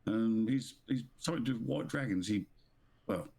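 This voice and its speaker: A man's voice: fairly low pitch, normal speed, creaky, darkish tone, slightly rough. A man playing a tabletop game, chatting and joking while in character. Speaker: player.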